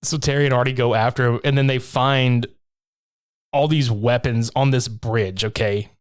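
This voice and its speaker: A man on a podcast breezily walking through a horror film's plot, swearing freely. He laughs often and slips into quick impressions of the characters as he retells the scenes. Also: medium pitch, fairly even intonation, clear, resonant tone. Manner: profane, laughing, acts out lines from the film. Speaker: podcast co-host. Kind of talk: casual movie recap chat.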